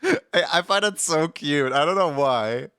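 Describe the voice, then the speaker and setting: A man's voice: on the high side, expressive, unhurried, pushed and bright, clean tone, dry recording, studio quality. Groggy man with a morning voice. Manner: rambling, laughs often, many fillers. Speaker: streamer. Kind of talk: casual stream chat.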